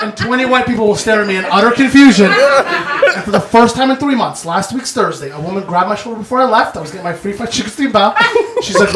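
A male stand-up comedian telling a story on stage, animated and laughing through his lines. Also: extremely high pitch, fast talker, echoey room, very noisy. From Canada. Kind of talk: stand-up set.

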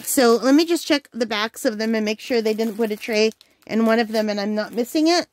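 A woman's voice: on the high side, brisk, no room sound. A woman hosting a crafting channel, chatting casually and enthusiastically at home while unboxing, with the hiccups. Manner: chatty, enthusiastic, easily delighted. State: has the hiccups.

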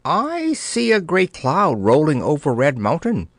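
A man's voice: a little high, wildly swooping pitch, measured pace, no echo, clean studio sound, pitched above the performer's own voice, exaggerated voice. A man voicing an anxious middle-aged queen who has become a seamstress, talking breathlessly with a moan. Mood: alarmed. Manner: breathless, moaning. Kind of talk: audiobook character voice.

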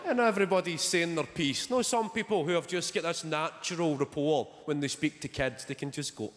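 A man's voice: on the high side, brisk, few pauses, noisy background. A young man doing stand-up comedy on stage, with dry, sardonic storytelling. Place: theatre stage before a live audience. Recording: large hall with loud audience laughter.

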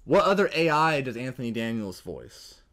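Young man, podcast co-host, casual, profane, rambling, animated. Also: medium pitch, moderate pace.

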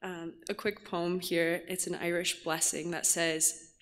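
A woman's voice: on the low side, level tone, a little slow, a bit bright. A graduating student, a woman, gives sincere thanks and recites a short blessing.

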